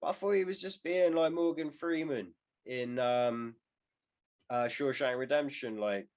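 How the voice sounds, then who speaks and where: A man's voice: mid-range voice, a little slow, darkish tone. A young man co-hosting a podcast in casual chat, rambling and swearing with jokey asides. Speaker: podcast co-host.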